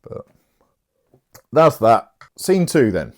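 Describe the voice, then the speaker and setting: A man's voice: mid-range voice, wildly swooping pitch, slow pace. A man casually retelling a play's plot in a cheeky, chatty way. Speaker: host.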